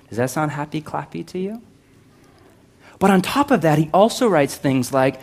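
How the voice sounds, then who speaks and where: A man preaching a sermon, conversational and animated, swinging from loud to hushed with humorous asides. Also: on the high side, moderate pace. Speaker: pastor.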